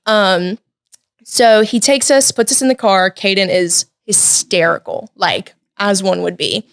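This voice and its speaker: A woman's voice: medium pitch, measured pace, clear, resonant tone, no echo, studio quality. Chatty teenage woman telling a story. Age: late teens. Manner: lively, chatty, many "like" and "um" fillers. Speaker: podcast guest. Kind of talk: personal storytelling. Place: podcast studio.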